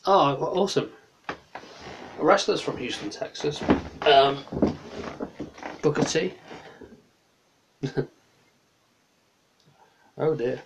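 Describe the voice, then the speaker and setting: A man's voice: fairly high pitch, extremely slow, pauses often, noisy background. A tired man, chatting in a rambling way to his livestream viewers late at night from a small bedroom, drifting off topic and answering chat.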